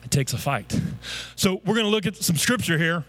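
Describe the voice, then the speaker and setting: A man's voice: high-pitched, expressive, brisk, faint music behind. A male pastor preaching a sermon, leading the congregation in call-and-response declarations and building to impassioned peaks. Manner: rousing call-and-response preaching, rising to shouts.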